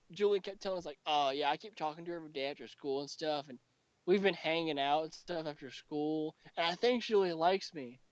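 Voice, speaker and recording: A man's voice: sits high, dry recording. Profane young man telling a story. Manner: profane, mocking, acts out quotes of friends. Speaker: podcast host. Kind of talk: casual storytelling chat. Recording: dull lo-fi home recording.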